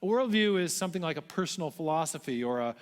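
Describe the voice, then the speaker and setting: A man giving a public lecture to a large audience, telling history in a measured way with frequent restarts. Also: a little high, expressive. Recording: long hall reverb.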